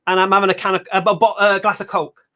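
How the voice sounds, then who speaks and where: Fast-talking animated man. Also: high-pitched. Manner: animated storytelling with voiced quotes. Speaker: host. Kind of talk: livestream debate chat.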